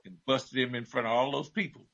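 A man's voice: mid-range voice, steady tone, a little fast, creaky, fairly bright tone, highs cut off. A man who teaches at his church, talking casually about faith and often affirming the host with short interjections.

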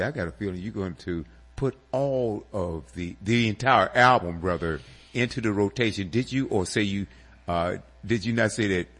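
A man's voice: fairly low pitch, slightly rough. A man hosting a radio music show, bantering in a jokey, theatrical way and laughing easily. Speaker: radio host.

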